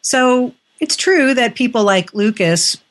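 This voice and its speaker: A woman's voice: fairly high pitch, animated, takes it slowly, a bit bright. A woman author being interviewed, speaking thoughtfully with frequent fillers and restarts. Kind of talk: conversational interview.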